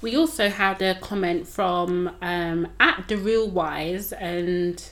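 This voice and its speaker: A woman's voice: fairly low pitch, slow, a bit bright. A woman co-hosting a podcast, chatting casually, laughing often and reading listener comments aloud. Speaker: podcast co-host.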